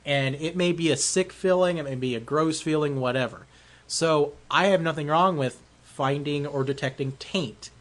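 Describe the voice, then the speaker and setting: Slightly high-voiced man, blunt co-host. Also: normal speed, a bit bright. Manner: short interjections, firm opinions. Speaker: podcast co-host. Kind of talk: casual chat.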